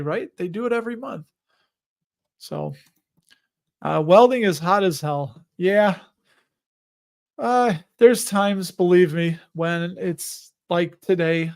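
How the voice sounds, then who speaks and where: A man in his late thirties or forties with a Chicago accent, hosting a livestream and chatting casually in a rambling, joking way. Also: high-pitched. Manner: rambling, jokey, chuckles between remarks. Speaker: host of an investing livestream.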